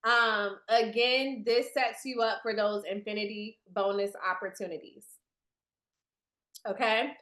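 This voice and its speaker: A woman's voice: mid-range voice, fairly even intonation, unhurried, a bit bright, reverberant. A woman leading a business training presentation on a video call for new team members, chatty and speaking straight to her listeners. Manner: chatty, addresses the audience directly.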